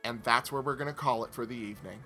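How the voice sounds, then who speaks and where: Game master guy narrating the scene, bright edgy voice, easygoing. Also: medium pitch, quick pace, soft background music. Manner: easygoing descriptive narration, plugs the show. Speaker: game master and podcast host.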